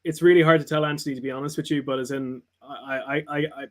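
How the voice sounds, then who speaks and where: A man, a whiskey maker talking as a guest on a livestream in a rambling, halting way with many restarts. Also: a little high, steady tone. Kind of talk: casual livestream chat.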